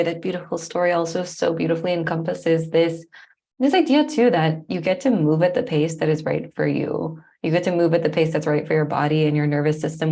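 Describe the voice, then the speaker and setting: Brief: woman host, lowish voice, gentle and affirming, reflective. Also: creaky. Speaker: podcast host. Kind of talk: conversational podcast interview.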